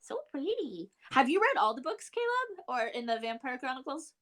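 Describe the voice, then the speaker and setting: Animated, laughing woman telling stories. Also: normal speed. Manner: animated, laughing storyteller with big pitch swings. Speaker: co-host. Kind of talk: casual podcast chat. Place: home, remote live show during lockdown.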